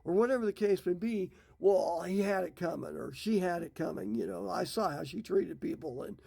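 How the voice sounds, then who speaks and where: A man's voice: high voice, expressive, moderate pace, vocal fry, warm tone. A middle-aged man who teaches the Bible, retelling scripture stories in a folksy, casual way. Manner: folksy, retells scripture in his own words.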